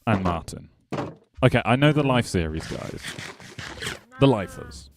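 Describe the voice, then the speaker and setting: A man's voice: medium pitch, animated, unhurried, background noise. A man giving casual, rambling gameplay commentary as a streamer, chatting back to his viewers with playful jabs. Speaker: gaming streamer.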